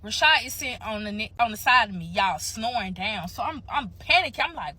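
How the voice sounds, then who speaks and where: A young woman telling a story to her viewers in a casual, animated way, swearing freely and talking straight to the audience. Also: on the high side, fairly quick, few pauses, husky. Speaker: storytime vlogger.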